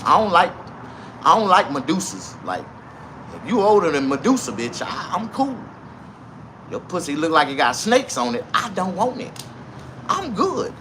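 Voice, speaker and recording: A man's voice: high voice, sing-song, normal speed, long pauses, pushed and bright, slight background noise. A man in his forties telling a crude, rambling comic story who often laughs at his own punchlines. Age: 40s.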